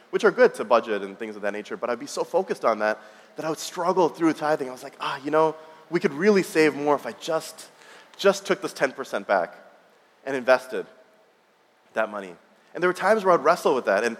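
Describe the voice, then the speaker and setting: A man's voice: medium pitch, fairly bright tone. A man in his thirties preaching a sermon, telling a personal story in a conversational way with frequent restarts. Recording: long reverb of a large hall.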